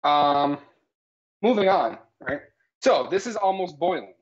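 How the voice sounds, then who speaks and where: A little slow and animated, with a slightly high voice, this man co-hosts a jokey cooking stream. He delivers absurd facts in a pretend-authoritative tone, adding "all right?" to his lines. The audio is lo-fi and slightly dull.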